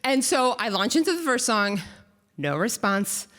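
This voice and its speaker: A woman telling a comic, animated story live on a theater stage. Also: a little high, unhurried. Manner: comic and animated, acts out quotes. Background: audience.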